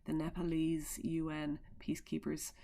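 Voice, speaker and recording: A woman's voice: sits low, completely flat delivery, normal speed, vocal fry, mellow. A woman teaching a recorded remote lesson from home, talking chattily into a computer mic with asides and fillers as she explains.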